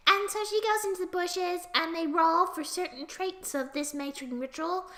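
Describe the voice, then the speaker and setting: High-pitched young storyteller. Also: moderate pace, hardly any pauses, bright, forceful tone. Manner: rambling, giggly narration. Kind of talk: recapping a tabletop game.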